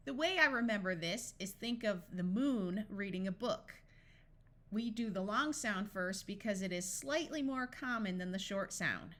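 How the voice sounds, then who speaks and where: A woman teaching a phonics lesson, sounding out each word slowly, one sound at a time. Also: mid-range voice, expressive, a bit bright. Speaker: phonics tutor. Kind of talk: slow, carefully enunciated reading lesson.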